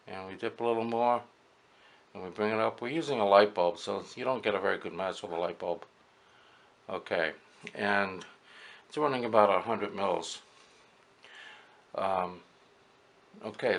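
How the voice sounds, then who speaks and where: An older man, an amateur radio operator, casually talking through an equipment demonstration step by step, pausing often as he works. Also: lowish voice, gravelly, a bit bright. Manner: talks through each step as he works, with many pauses.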